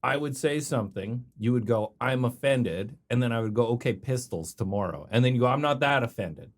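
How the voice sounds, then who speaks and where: A man's voice: medium pitch, brisk. A middle-aged man from Canada, a comedian hosting a casual podcast chat, joking and teasing playfully.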